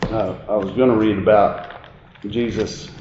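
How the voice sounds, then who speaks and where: A man preaching a sermon, moving between quiet reflective passages and raised, emphatic preaching. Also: fairly low pitch, fairly even intonation, unhurried, a little hiss or hum. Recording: dull, roomy sound with faint ambience.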